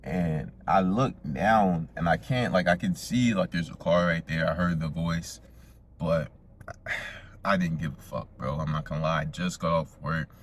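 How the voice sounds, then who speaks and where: A man's voice: low-pitched, measured pace, a little hiss or hum. A young man casually telling a profane, slangy story straight to his viewers as a vlogger.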